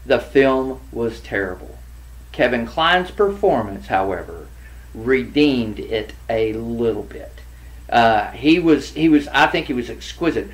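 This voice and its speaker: A man's voice: medium pitch, animated, unhurried, low-quality recording. A middle-aged man co-hosting a casual chat about recasting films, hesitant, with many fillers and restarts. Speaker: podcast co-host.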